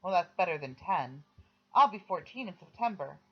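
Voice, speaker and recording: A reader voicing a chatty, teasing teenage girl patient in a high, playful voice. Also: lively intonation, moderate pace. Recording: slightly dull lo-fi recording.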